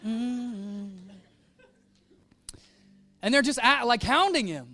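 A man's voice: very high voice, expressive, takes it slowly, pauses often, bright, forceful tone, dry recording. A man preaching a sermon, telling a story with casual slang and acting out the quoted voices. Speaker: pastor.

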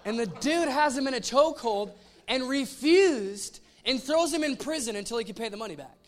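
Guy with a high voice preaching, loose and jokey, acts out the story, faint music behind. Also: normal speed. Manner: animated storytelling with voiced asides. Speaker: pastor. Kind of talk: casual sermon.

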